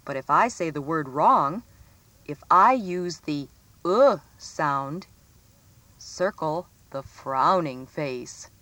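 Slow, sing-song woman teaching phonics. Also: low-pitched, animated, bright, forceful tone, no room sound. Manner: slow, clearly enunciated, sing-song emphasis on example words. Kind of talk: scripted phonics lesson for children.

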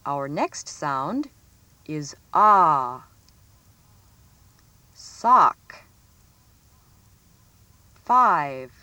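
A woman reading a scripted phonics lesson for children, stressing each example word clearly. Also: deep voice, sing-song, fairly bright tone, dry recording. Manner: slow, clearly enunciated, sing-song emphasis on example words. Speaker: teacher.

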